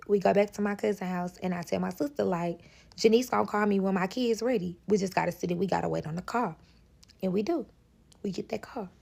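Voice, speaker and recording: A young woman with a St. tells a serialized storytime in an animated, profane way, often addressing listeners as y'all. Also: medium pitch, vocal fry. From St. Louis, Missouri.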